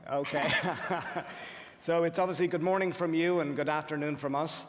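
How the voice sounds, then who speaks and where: A man's voice: a little high, steady tone, moderate pace. A man hosting a live event, introducing a remote guest and moderating a Q&A in a friendly, upbeat way. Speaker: event host. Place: large event hall with audience. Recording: reverberant hall.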